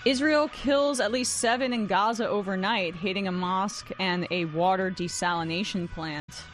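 A woman's voice: mid-range voice, soft background music. Wry woman hosting news commentary. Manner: wry and sarcastic, quick to laugh. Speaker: fill-in news show host.

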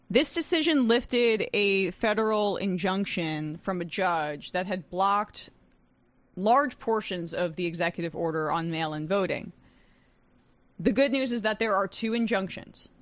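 A woman's voice: medium pitch, a bit bright, no room sound. A young adult woman hosting a news talk show, reading headlines and commenting in a casual, sarcastic way with frequent laughs. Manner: wry and sarcastic, quick to laugh. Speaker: fill-in news show host.

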